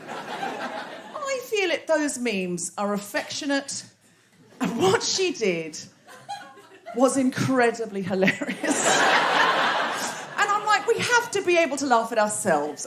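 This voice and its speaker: A woman's voice: fairly high pitch, very animated, moderate pace, a little hiss or hum. An Australian woman hosting a live comedy podcast, laughing and riffing with the audience from a theatre stage. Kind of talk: live stand-up crowd work.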